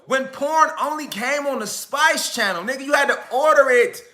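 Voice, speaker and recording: A young man with a very high, bright, sharp voice tells a rowdy comic story in heavy slang. He drops into his relatives' voices as he goes, all in lively storytelling mode. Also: moderate pace, roomy sound. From Chicago. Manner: animated, slangy, acts out family members. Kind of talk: comedic storytelling.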